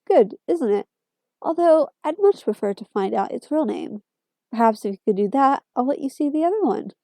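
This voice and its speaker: A smug, boastful rich man who collects aliens, played by a woman reading a story. He speaks a little high and mellow, close and dry. A storybook villain who loves to show off. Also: lively intonation, moderate pace, no room sound.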